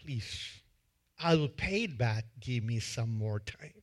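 A man voicing a desperate male debtor who softly begs for more time to pay, in a sermon retelling. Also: mid-range voice, lively intonation, takes it slowly, voice pushed down. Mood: pleading. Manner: soft, pleading.

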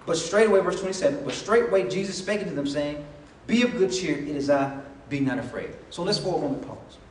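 A man's voice: on the high side, lively intonation, fairly quick, a little hiss or hum. A man preaching a sermon, telling the story in a casual, conversational way and acting out dialogue. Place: church sanctuary. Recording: echoey hall from far off. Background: congregation responses.

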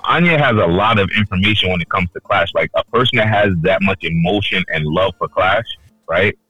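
A man co-hosting a casual podcast chat, telling stories loudly with lots of swearing and acted-out quotes. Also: sits low, brisk, slightly rough, no echo, muffled recording, faint music behind. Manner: animated storyteller, loud and swearing, acts out quotes. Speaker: podcast co-host.

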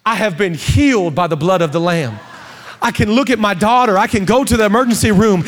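A man in his thirties preaching a sermon as pastor, swinging from hushed confession to shouted exhortation. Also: sits high, fast talker. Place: church stage.

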